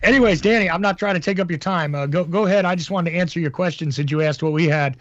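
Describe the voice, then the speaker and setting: A man's voice: on the high side, fast, dry recording. A man co-hosting a casual call-in show from home, rambling and teasing with jokes. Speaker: co-host, timekeeper. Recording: dull, lo-fi remote line.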